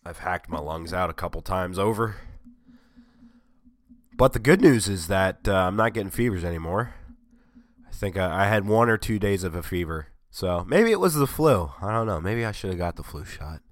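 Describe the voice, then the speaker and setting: Sarcastic, sick, low-voiced man rambling. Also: expressive, moderate pace, no room sound. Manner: sarcastic, rambling, self-mocking. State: sick with a cold, voice strained. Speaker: vlogger. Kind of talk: casual chat.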